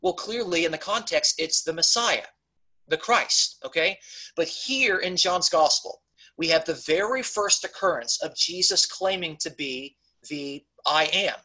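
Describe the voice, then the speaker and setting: A man's voice: a little high, a little slow, bright, forceful tone, rough recording. A man teaching a Bible study, talking conversationally and checking in with his class often. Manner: conversational, repeatedly checks in with "okay?"; emphatic on key points, frequent restarts.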